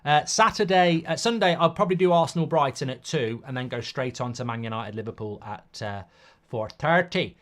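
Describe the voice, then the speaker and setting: A man's voice: mid-range voice, a little fast, a bit bright. A middle-aged man, hosting a football watchalong in a rambling, sweary, casual live-stream chat.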